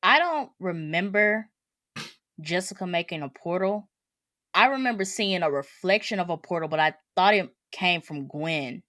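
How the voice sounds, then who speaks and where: Low-voiced woman chatting. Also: normal speed, dry recording, studio quality. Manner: animated, talks through movie details at length. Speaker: podcast co-host. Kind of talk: casual chat.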